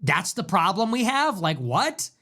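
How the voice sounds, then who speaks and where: A man's voice: sits high, big pitch swings, unhurried, bright, forceful tone. A man hosting a live stream, ranting in a sarcastic, mocking way. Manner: sarcastic and mocking, jumps into mock voices. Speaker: political livestream host.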